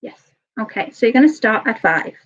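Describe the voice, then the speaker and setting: An early years teacher runs a live online maths lesson for young children, her voice on the high side, sing-song and fairly bright. She's patient but a little nervous, talking a bit fast and checking in with "okay?" again and again. The recording has a slightly dull, lo-fi sound.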